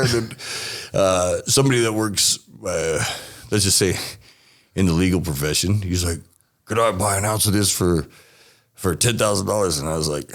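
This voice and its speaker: A man in his late forties from the United States, telling his story as an interview guest and acting out the people in it. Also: on the low side. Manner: animated, acts out voices in his stories, laughs often. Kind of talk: casual storytelling.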